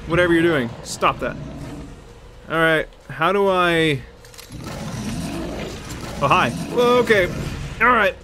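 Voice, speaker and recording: A man with a high, very lively voice, chattering excitedly as he plays and talks back to the monster. Loud game sounds run behind him the whole time. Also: slow pace, long pauses, background noise. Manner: excitable, chatty, keeps yelping and laughing while talking to the enemy. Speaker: let's play gamer. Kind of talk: live gameplay commentary.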